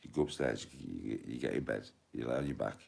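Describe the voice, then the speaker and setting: A man's voice: rumbling low, animated, quick pace, creaky, a little mellow. A man with a Birmingham accent, rambling crudely and laughing often as he chats. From Birmingham, England. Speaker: streamer.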